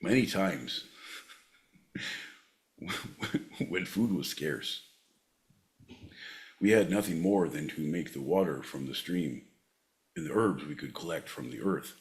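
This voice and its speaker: A man voicing a rowdy, excitable Scottish character with a Scottish accent in an improvised comedy bit, insistently repeating the listener's name. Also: deep voice, slow, pauses often, voice pushed down. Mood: solemn.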